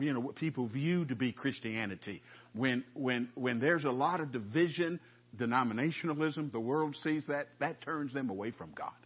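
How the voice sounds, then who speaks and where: Husky-voiced preacher teaching scripture. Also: male voice, medium pitch. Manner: chatty, asks the listeners questions. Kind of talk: conversational Bible teaching. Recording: dull lo-fi recording.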